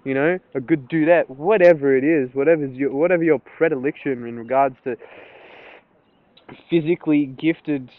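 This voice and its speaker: Young guy ranting casually, kinda high voice, swears a lot, sounds like a phone recording. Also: normal speed, no room sound. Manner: rambling, animated, swears freely, laughs often. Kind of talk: casual solo monologue. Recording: tinny phone-like audio.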